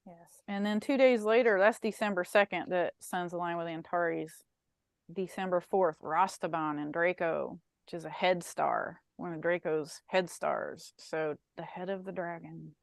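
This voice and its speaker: A woman co-hosting a podcast in casual chat, animated and playful, telling stories with asides. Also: lowish voice, a little slow, creaky, no room sound. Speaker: podcast co-host.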